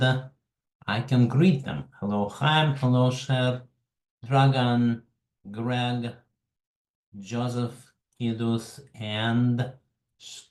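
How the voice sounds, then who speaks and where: A man with a Russian accent hosts a webinar over a computer mic. He talks slowly and haltingly, with a mellow, relaxed tone, in an echoey room. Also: medium pitch. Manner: slow, halting, greets attendees by name. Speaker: webinar host. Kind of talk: casual online presentation.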